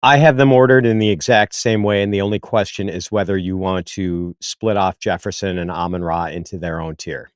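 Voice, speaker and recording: Very deep-voiced man, easygoing and measured. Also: fairly even intonation, no room sound, studio quality. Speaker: podcast co-host. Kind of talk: casual sports analysis chat.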